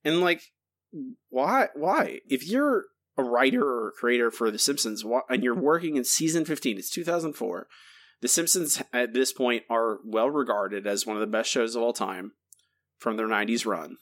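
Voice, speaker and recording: A man co-hosting a podcast, ranting in an exasperated, animated way in casual chat. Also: mid-range voice, normal speed. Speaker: podcast co-host.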